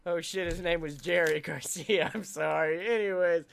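High, bright-voiced podcast man. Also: normal speed, vocal fry. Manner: profane, laughing at his own jokes. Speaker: podcast co-host. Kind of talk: rambling comedic storytelling.

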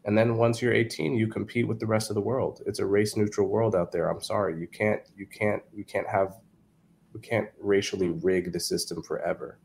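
A man speaking as a guest in a casual discussion. He talks haltingly and repeats words, then presses his points emphatically. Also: lowish voice, flat delivery, gravelly, a little mellow, a little hiss or hum.

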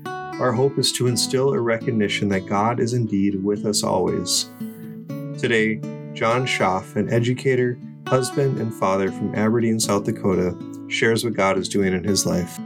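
A man with a fairly low voice reads a scripted podcast opening in a smooth announcer style. Clear guitar music plays behind him. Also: moderate pace. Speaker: podcast host. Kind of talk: scripted show introduction.

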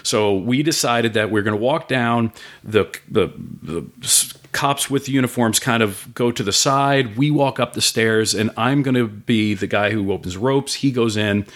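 A middle-aged man in casual conversation, telling an animated story with swearing and acted-out voices. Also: medium pitch, moderate pace. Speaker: guest, food business owner.

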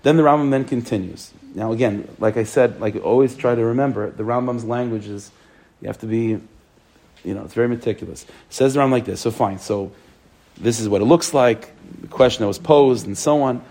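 A man's voice: mid-range voice, fairly quick, dark tone. A man explaining a text, phrase by phrase. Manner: reads text aloud phrase by phrase, then explains it. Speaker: rabbi teaching a text class. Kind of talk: text study lesson.

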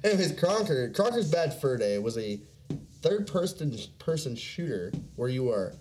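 A man's voice: mid-range voice, big pitch swings, normal speed, a little mellow, slight background noise. A man chatting casually on a podcast, swearing freely, laughing often and acting out other people's lines. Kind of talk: casual chat.

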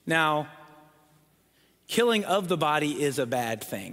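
A man's voice: on the high side, big pitch swings, takes it slowly, pauses often, sharp tone, in a large hall. A man preaching a sermon, emphatic, building lists and repeating words for weight, sometimes dropping almost to a whisper. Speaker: pastor.

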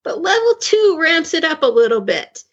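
A woman guest on a radio talk show, explaining carriage driving certification with many pauses and restarts. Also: very high-pitched, very animated, lo-fi sound. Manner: hesitant, many fillers and restarts. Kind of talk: casual radio interview.

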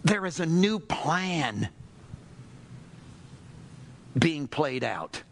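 High, animated preaching man. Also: takes it slowly, creaky, slight background noise. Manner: animated, exclamatory, with many rhetorical questions; sighing "oh, brother" asides. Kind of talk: sermon.

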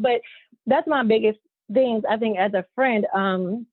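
A woman co-host in her thirties talks openly and from the heart. Her voice is slightly raised and husky. The sound is dry and tinny, like a phone line. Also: on the high side, moderate pace, no echo. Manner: candid, emotional, tearful at times. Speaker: podcast co-host. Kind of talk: casual chat.

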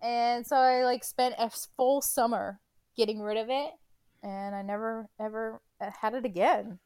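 A woman in her early thirties talks in a loose, casual chat with a plain general American accent. She is blunt and quick to mock herself, dropping the odd swear. Her voice sits slightly high. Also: steady tone, a little mellow, clean tone. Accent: none, general American. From south of Boston, raised in New Hampshire. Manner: blunt, self-mocking, swears freely.

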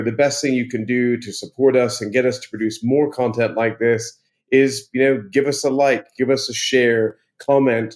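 A man's voice: medium pitch, a little mellow. A man with a British-tinged accent hosting a casual interview podcast, chummy and rambling. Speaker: podcast host.

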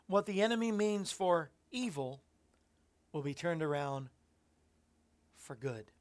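A man's voice: a little high, animated, takes it slowly. A man hosting a Christian radio commentary show, musing on scripture in a reflective, rambling way with frequent fillers. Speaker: host.

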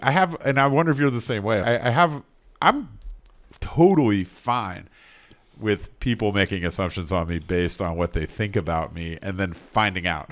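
A man's voice: lowish voice, fairly bright tone. A middle-aged man from North Carolina, a mediator hosting an interview and thinking aloud in long rambling turns. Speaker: host and mediator. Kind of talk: conversational interview.

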